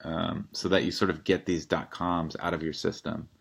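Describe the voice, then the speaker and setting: A male teacher giving a casual, wry recorded lecture, critiquing a student essay, often clearing his throat. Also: low-pitched, little pitch movement, moderate pace.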